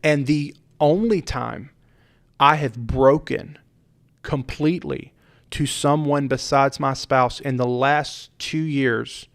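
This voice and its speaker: Gravelly earnest pastor man. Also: medium pitch, takes it slowly. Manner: earnest, preacherly, emphatic repetition. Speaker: pastor and podcast host. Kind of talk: heartfelt podcast conversation.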